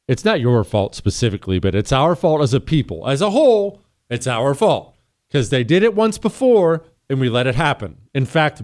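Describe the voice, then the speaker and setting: A man's voice: medium pitch, a little mellow. A man hosting a talk radio show, blunt and sarcastic in his opinionated monologue.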